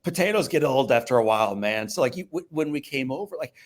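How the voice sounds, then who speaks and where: Gravelly-voiced man telling a vivid story. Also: medium pitch, quick pace. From American Midwest. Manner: animated storyteller, acts out voices and swings from hushed to loud. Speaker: podcast guest, motivational speaker. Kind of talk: storytelling in a podcast conversation.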